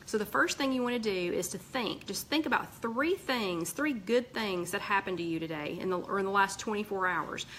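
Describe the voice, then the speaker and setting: A woman's voice: medium pitch, normal speed, few pauses, poor audio. Southern woman, chatty live-stream host, lots of ums, faint background hiss. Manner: chatty, warm asides, frequent ums and restarts. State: voice tired. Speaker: host of a weight-loss group live chat. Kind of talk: casual live-stream chat reading viewer comments.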